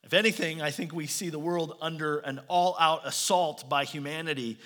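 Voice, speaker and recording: High, bright-voiced man preaching in a hall. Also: fairly even intonation, moderate pace. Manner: emphatic preaching with rising declarations. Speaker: pastor. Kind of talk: sermon.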